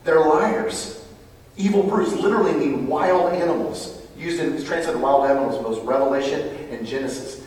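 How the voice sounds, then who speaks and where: A man preaching a sermon to a live audience, animated, with loud emphatic bursts and quiet asides. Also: fairly high pitch, moderate pace, distant mic. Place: large room with live audience. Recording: roomy hall, picked up from afar.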